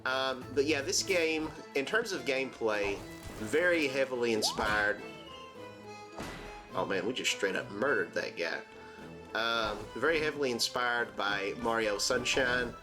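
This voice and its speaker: A man casually commenting over gameplay in a mid-range voice, rambling and joking with plenty of "uh"s. Now and then his voice leaps up high in mock outrage. Bright game music runs clearly behind him. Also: expressive, measured pace. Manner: rambling and jokey, many fillers, sudden high-pitched exclamations. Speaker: gaming channel host. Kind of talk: let's-play commentary.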